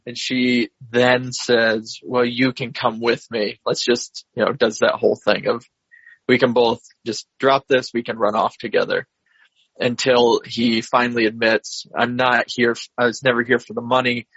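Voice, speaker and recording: A man co-hosting a podcast who retells a film's plot in a measured, slightly hesitant way, with a husky voice. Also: mid-range voice, little pitch movement, a bit bright, no echo, highs cut off. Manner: measured, hesitant, recounts scenes step by step. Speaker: podcast co-host. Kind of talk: casual film discussion, retelling the plot.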